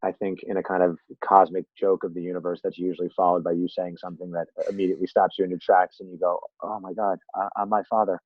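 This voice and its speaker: A man's voice: sits low, level tone, fast, few pauses, no echo. A man as a podcast guest in casual interview chat, a rambling, self-deprecating storyteller who acts out quotes. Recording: tinny phone-line sound, dry.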